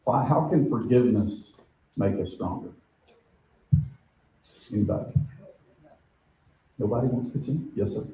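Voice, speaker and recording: A judge speaks in an easygoing, conversational way to a community crowd, asking them questions. His voice is low and very dark, in an echoey room with a dull sound and a faint hiss behind it. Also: measured pace, long pauses. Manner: relaxed and conversational. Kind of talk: public talk with audience questions.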